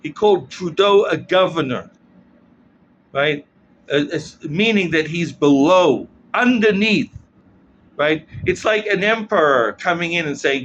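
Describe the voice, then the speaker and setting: A man's voice: on the high side, animated, a little slow, fairly bright tone. A man giving a rambling opinion monologue as a commentator, tagging "right?" onto most points. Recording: dull lo-fi with faint noise.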